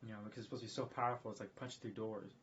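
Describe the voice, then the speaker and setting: Rapid, rambling man, lowish voice, dull lo-fi stream audio with faint hiss. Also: steady tone, a bit bright. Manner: rapid, rambling, repeats himself, emphatic. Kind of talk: casual live-stream monologue.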